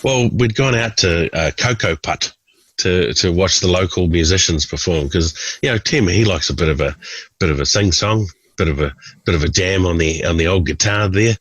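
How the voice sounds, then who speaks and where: A man in his forties, a stand-up comedian, telling anecdotes in an animated way as a guest. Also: deep voice, breathy edge, no room sound, rough recording. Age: 40s. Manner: animated, does voices for characters. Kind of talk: storytelling anecdotes.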